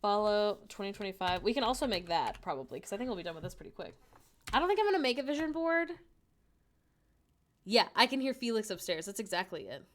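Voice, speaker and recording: A woman's voice: medium pitch, sing-song, quick pace. A young woman chatting casually on a livestream from home, joking and laughing often at herself. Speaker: streamer. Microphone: desk microphone.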